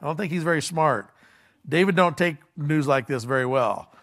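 Chatty pastor retelling a story. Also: male voice, fairly high pitch, normal speed, fairly bright tone. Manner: retells the story in everyday speech, acts out the quoted lines; frequent fillers and repeated restarts. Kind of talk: casual conversational sermon.

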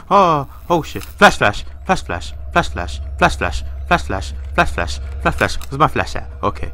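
A man's voice: fairly low pitch, big pitch swings, unhurried, noisy background. A young man commentating a horror game he is playing at home. He swears a lot and swings from muttering to panicked screaming. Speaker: gaming YouTuber.

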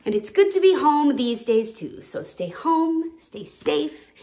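Lively woman reading a children's story. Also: high voice, takes it slowly.

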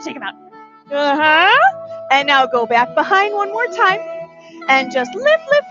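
Bubbly high-voiced woman teaching kids ballet. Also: muffled recording. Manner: sing-song, animated, talking to small children. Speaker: children's dance teacher. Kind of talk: pre-recorded kids' ballet class.

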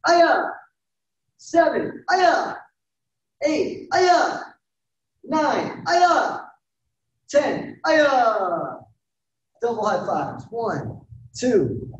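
A man who is a martial arts instructor leads an online taekwondo class, calling out commands, counting drills and giving sharp shouted yells. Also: high voice, recorded from a distance, slight background noise. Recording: roomy sound from away from the mic.

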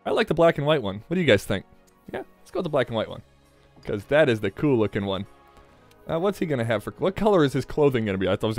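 Animated, jokey let's play host man. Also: medium pitch. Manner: jokey, rambling, swears freely. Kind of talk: casual gameplay commentary.

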